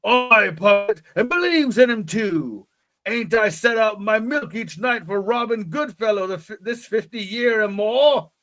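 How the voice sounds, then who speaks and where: A man voicing a kindly old rural shepherd with a high, cracked old-man voice and folksy dialect. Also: lively intonation, takes it slowly, pauses often, darkish tone, heavily acted.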